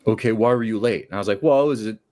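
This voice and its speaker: A caller to a late-night show, speaking very fast in a fairly low voice, casually recounts a long story from work. He's animated, acting out each quote with changing voices.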